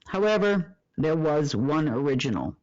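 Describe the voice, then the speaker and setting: Solo report host: emphatic, self-answering questions, fillers; mid-pitched, dry and dull-sounding recording. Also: big pitch swings, moderate pace, darkish tone, no room sound. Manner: asks rhetorical questions and answers them himself. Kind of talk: monologue report.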